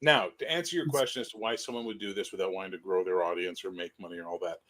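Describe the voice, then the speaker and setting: A man's voice: sits low, very fast, fairly bright tone. Blunt, wry older man on a panel. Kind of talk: casual panel chat.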